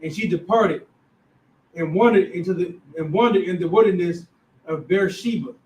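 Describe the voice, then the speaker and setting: A man's voice: high voice, moderate pace, darkish tone, roomy sound. Man reading scripture from far off. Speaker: class member reading scripture.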